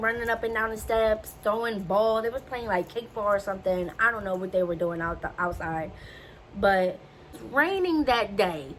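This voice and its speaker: A woman's voice: fairly high pitch, poor audio. A young woman tells a personal story straight to her viewers in a loose, chatty way. She slips into other people's voices when she quotes them. A faint background hum sits under her voice. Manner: chatty, animated, acts out quotes. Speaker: vlogger. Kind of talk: casual storytelling.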